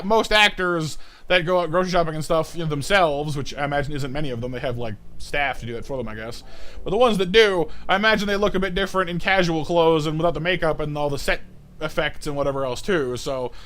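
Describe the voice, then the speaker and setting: A man's voice: fairly high pitch, fairly bright tone, smooth. A man in his thirties chatting casually on a live art stream, rambling and stammering with lots of fillers. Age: 30s.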